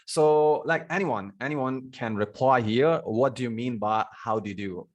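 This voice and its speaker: A man's voice: medium pitch, moderate pace, highs cut off. A man teaching a live online spoken English class, talking with many fillers and repeated words over a video call.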